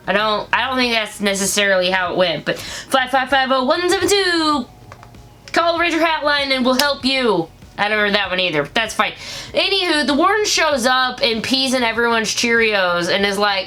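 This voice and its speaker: A woman with a bright, forceful voice, recapping an episode in a chatty, joking way. She sits a little higher than most women and often slips into quick voices for the characters. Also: lively intonation. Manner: chatty, jokey, acts out lines in quick voices. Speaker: show reviewer.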